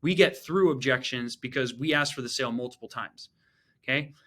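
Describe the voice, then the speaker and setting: A man's voice: medium pitch, fairly quick, a bit bright. A man giving a sales training talk as a coach, emphatic and punchy, often checking in with "right?" and "okay?". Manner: acts out short sales lines while teaching.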